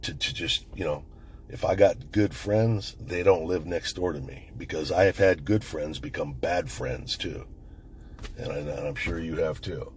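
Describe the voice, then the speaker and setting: A man's voice: low-pitched, measured pace, a little hiss or hum. A middle-aged man who is the channel host, talking bluntly in a casual monologue, swearing constantly as he tells stories.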